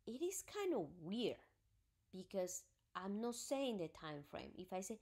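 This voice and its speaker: A woman's voice: mid-range voice, sing-song, measured pace. A woman teaching a recorded grammar lesson, explaining patiently step by step and working through examples. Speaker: Spanish teacher.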